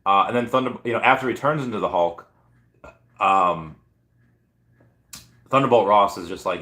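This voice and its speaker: A hoarse man chatting casually on a live stream, rambling through stories with lots of fillers. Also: fairly low pitch, normal speed, pauses often, sharp tone, reverberant. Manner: rambling, filler-heavy storytelling. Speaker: comic and collectibles YouTuber.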